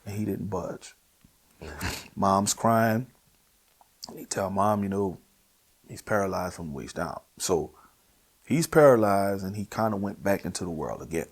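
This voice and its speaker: A man with a New Orleans accent telling his personal testimony, earnest and emotional, at times sinking to a hushed near-whisper. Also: low voice, lively intonation, a little slow, pauses often, husky. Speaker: guest sharing his testimony.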